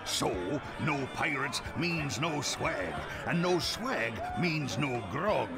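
A man's voice: mid-range voice, lively intonation, takes it slowly, loud music behind the voice. A man voicing a grumbling, grog-loving pirate in a video game, matter-of-fact in manner.

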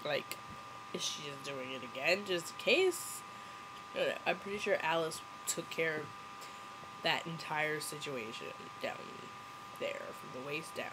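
A woman's voice: low-pitched, animated, unhurried, noisy background. A young woman rambling through a casual, sarcastic movie review, giggling as she goes.

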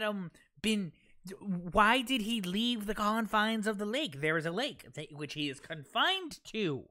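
A young man streaming a video game live, reacting excitably, talking to himself and thanking chat. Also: sits high. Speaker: gaming livestreamer. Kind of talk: live gameplay commentary.

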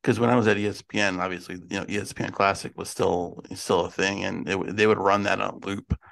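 A man with a low, gravelly voice hosts a relaxed interview. He keeps his remarks short, mostly nodding along in words before asking his next question. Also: a little fast. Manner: relaxed, brief affirmations. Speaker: podcast host. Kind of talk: casual interview chat.

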